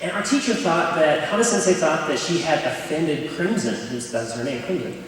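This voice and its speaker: Young guy telling jokey stories at chapel, kinda high voice, big roomy hall sound. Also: normal speed, slight background noise. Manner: joking, candid and self-deprecating. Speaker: chapel speaker. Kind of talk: storytelling chapel talk. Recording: echoey hall, speaker far from mic.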